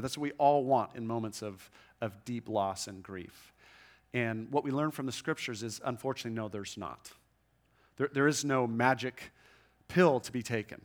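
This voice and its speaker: Male pastor, mid-pitched, earnest and conversational sermon delivery, with slow, soft scripture readings. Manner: earnest, conversational, frequent restarts and "right?" tags; reads scripture slowly and softly. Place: church room with a congregation.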